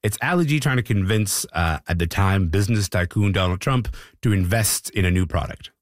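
A man hosting a panel discussion, asking questions in a lively, questioning way. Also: deep voice, brisk, dry recording, clean studio sound. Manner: lively, questioning, animated delivery. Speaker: host.

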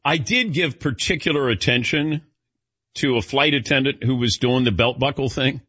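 A man's voice: mid-range voice, normal speed, bright, forceful tone, husky, dry recording, muffled recording. A man hosting a radio show, chatting casually and animatedly telling stories while calling on his cohosts by name. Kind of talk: casual on-air banter.

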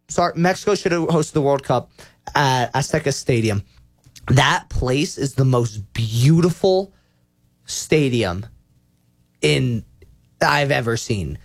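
A young man hosting a casual sports talk show, rambling, correcting himself and getting excited as he goes. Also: medium pitch, slow, long pauses, no echo, clean studio sound. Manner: rambling, self-correcting, enthusiastic.

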